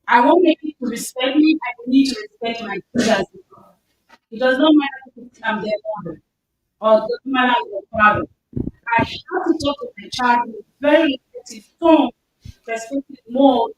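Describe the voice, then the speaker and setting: A woman speaking earnestly and loudly to a mosque gathering, with an emphatic manner and a lot of repetition. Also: high-pitched. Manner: earnest, loud, emphatic, repeats herself. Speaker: community speaker. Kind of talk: informal talk to a mosque gathering. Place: mosque hall. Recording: echoey hall, distant mic, faint noise.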